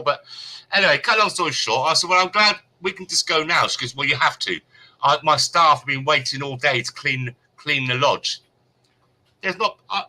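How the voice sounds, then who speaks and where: Bright-voiced man telling a story. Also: fairly high pitch, rough recording. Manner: animated storyteller, acts out both sides of the conversation. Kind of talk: casual chat.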